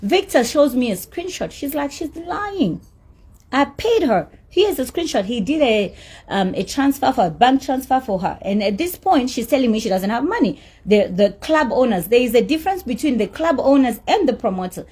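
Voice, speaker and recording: Lady venting hard, emphatic, swearing, kinda raspy voice. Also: fairly high pitch, sing-song, fairly quick, darkish tone. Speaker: celebrity recounting a dispute. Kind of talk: angry rant.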